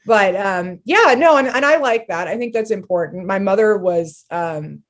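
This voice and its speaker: A woman speaking as a podcast guest in a casual interview chat, animated and blunt, swearing freely. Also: medium pitch, normal speed.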